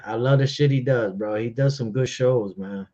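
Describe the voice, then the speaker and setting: A man's voice: medium pitch, normal speed. Laid back guy agreeing a lot, mid voice, kinda muffled. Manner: relaxed, short agreeing replies. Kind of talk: casual chat.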